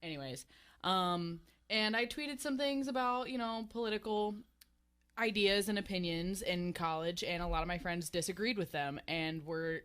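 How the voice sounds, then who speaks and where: A woman in her twenties, a guest on a talk radio show in the studio, explaining herself in a calm, measured way. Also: lowish voice, clear, resonant tone. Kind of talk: sports talk radio chat.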